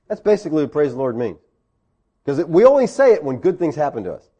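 A middle-aged man preaching a sermon, animated, with jokes and acted-out quotes. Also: fairly high pitch, quick pace, husky, dull audio. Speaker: pastor.

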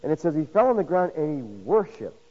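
A man preaching a sermon, swinging from loud emphasis to hushed, intimate lines and acting out quoted voices with rhetorical questions. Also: fairly high pitch, lively intonation, fast talker, dull audio. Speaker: pastor.

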